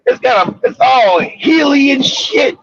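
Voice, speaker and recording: A man hosting a casual talk show, telling rambling, profane stories with bursts of shouting. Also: very high-pitched, very animated, unhurried, vocal fry. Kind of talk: casual storytelling chat. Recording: dull lo-fi audio.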